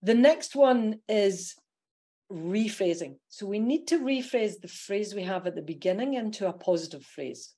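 A woman with a Scottish accent, a coach guesting on a podcast, explaining her ideas in a lively way and laughing often. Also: medium pitch, measured pace, slightly rough. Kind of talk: casual podcast interview.

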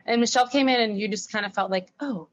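Woman, fairly high voice, casual podcast chat, emphatic, dry dull recording. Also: dry recording. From not from New York. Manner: animated, emphatic, quick asides. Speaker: podcast co-host.

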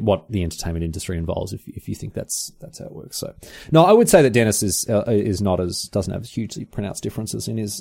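A man with an Australian accent, hosting a podcast in fast, animated, casual solo chat. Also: fairly low pitch, vocal fry. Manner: fast, animated storytelling with exclamations. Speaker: podcast host.

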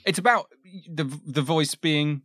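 A man's voice: on the high side, unhurried, a bit bright, no echo. A man hosting a casual history conversation, curious and teasing his guest. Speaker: podcast host.

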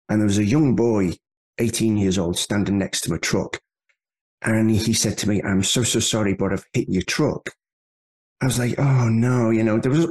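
A middle-aged man tells a personal story as a podcast guest. His voice sits a little low, and he rambles, looping back with asides and small restarts. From England. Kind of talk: casual storytelling interview.

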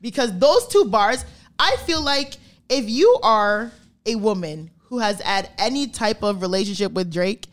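A woman's voice: medium pitch, expressive, measured pace. A woman co-hosting a podcast, telling stories in casual chat, acting out quotes and swearing freely. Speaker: podcast co-host.

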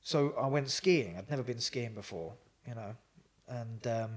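A psychotherapist guest in a relaxed interview tells a story with lots of animation, swearing and laughing easily. His voice is middling in pitch and moderately paced, and he comes across as talkative and comfortable with his host.

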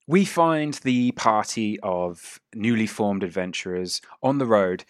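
A man's voice: on the low side, animated, unhurried, no room sound, clean studio sound. A man hosting and narrating a tabletop game as game master, describing scenes at length with many fillers.

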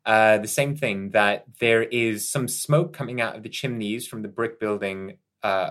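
Man, low voice, game master, tabletop narration, laughs a lot. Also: steady tone, unhurried, few pauses, fairly bright tone. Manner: descriptive narration, laughs often.

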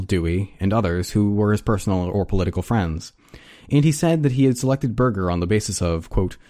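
A man reading a nonfiction history book aloud as an audiobook narrator, in a measured tone. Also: low-pitched, no room sound, studio quality. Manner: measured, reads quotations in an even tone.

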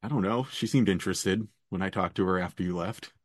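A man playing a tabletop role-playing game, speaking in character with dry, halting phrasing. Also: low-pitched, no echo. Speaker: player.

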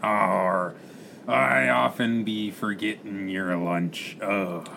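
A man's voice: fairly low pitch, fairly even intonation, drawn-out words, pushed and bright, slight background noise, heavily acted. A man voicing a forgetful, blustering pirate captain in an improvised comic role-play, growling his lines. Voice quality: gravelly, growling "yarr".

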